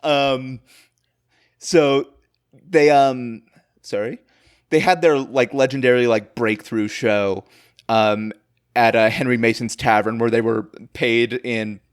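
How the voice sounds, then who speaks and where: A man hosting a comedy history podcast, rambling through a made-up story with lots of fillers and chuckles. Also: medium pitch. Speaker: podcast host.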